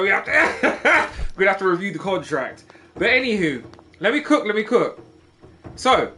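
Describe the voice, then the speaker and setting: A man's voice: high voice, bright, forceful tone, slight background noise. A man in his thirties, a gaming streamer rambling through a gossipy story and teasing his chat. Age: 30s.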